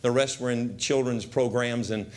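An older man preaching a comic storytelling sermon, acting out scenes and shouting voices loudly. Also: medium pitch, moderate pace. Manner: animated, acts out scenes with loud shouts.

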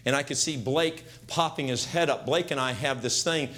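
An older man preaching a comic storytelling sermon, acting out scenes and shouting voices loudly. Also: mid-range voice, normal speed. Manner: animated, acts out scenes with loud shouts.

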